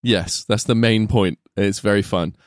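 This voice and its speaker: A man's voice: on the low side, unhurried, dry recording, studio quality. A man co-hosting a film podcast in casual chat, playful and teasing, often laughing. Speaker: podcast co-host.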